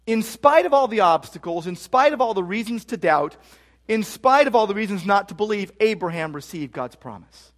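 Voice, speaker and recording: A man's voice: high voice, a bit bright. A man preaching a sermon as pastor, emphatic and repeating key phrases for stress. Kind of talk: expository sermon.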